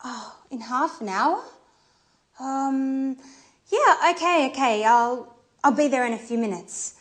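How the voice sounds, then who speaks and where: A woman's voice: high-pitched, lively intonation, slow pace. Alice, an eager young woman in love. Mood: flustered. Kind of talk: scripted language-course drama.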